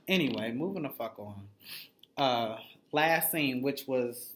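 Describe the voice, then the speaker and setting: A man's voice: medium pitch, lively intonation, slow pace, pauses often, sharp tone. Blunt, foul-mouthed man recapping gossip. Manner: blunt, gossipy and swearing, mimicking the people he recaps. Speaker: TV recap reviewer. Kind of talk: casual, profanity-heavy reality show recap.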